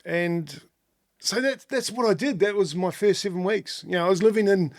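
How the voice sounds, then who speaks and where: This is a middle-aged Australian man telling his stories casually in an interview. He has a gravelly voice that sits slightly high, and he laughs often as he acts out the voices of other people. The sound is dry and close. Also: moderate pace, no room sound. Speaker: guest.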